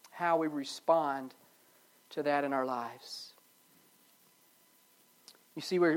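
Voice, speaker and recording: A pastor giving a sermon, swinging between loud pleading and soft low passages and repeating phrases for emphasis.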